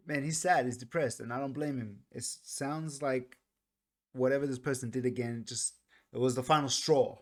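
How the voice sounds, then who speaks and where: A man talking casually through a song's meaning, earnest and reflective, often pausing and restarting his sentences. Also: mid-range voice, fairly even intonation. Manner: earnest, reflective, soft-spoken. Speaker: music reaction vlogger. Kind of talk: casual song commentary.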